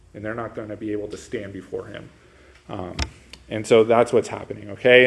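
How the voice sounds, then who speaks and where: A man teaching a Bible class in a casual lecture style. He peppers his talk with "like" and "right?", and reads verses aloud before explaining them. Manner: conversational, lots of "like" and "right?" check-ins; animated, pitch jumping up on questions.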